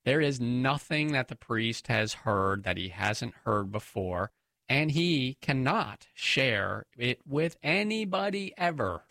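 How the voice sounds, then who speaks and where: A man talking in a casual chat, emphatic and quick to laugh. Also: medium pitch, lively intonation, creaky, pushed and bright, dry recording. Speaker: co-host.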